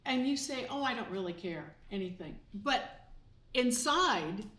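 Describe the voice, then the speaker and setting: A woman's voice: on the high side, animated, a little slow, a bit bright. A woman hosting a casual talk show with her husband, chatty and acting out little everyday dialogues. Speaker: host. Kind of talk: casual chat. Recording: echoey room, mic at a distance.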